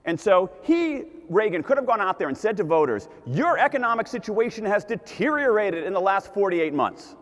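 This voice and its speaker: A man giving an animated conference talk, repeating his key points for emphasis. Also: sits high, moderate pace, few pauses. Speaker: conference speaker. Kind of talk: keynote talk to a live audience. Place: large conference hall. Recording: long hall reverb.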